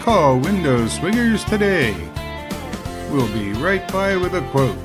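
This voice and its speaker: A man doing a fast loud pitchman. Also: sing-song, music in the background. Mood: salesy. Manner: rapid loud pitchman delivery. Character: fast, loud male commercial announcer.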